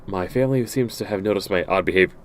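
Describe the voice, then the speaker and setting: A man's voice: sits low, quick pace, slight background noise. A man playing through a game, reading its letters and messages aloud with frequent stumbles, restarts and dry asides. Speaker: game streamer.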